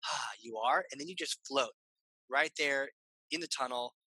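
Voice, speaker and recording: A man's voice: medium pitch, normal speed, sharp tone, slightly rough, no room sound, poor audio. A man hosting a podcast, talking loosely and rambling with lots of fillers. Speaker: podcast host. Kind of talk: casual chat.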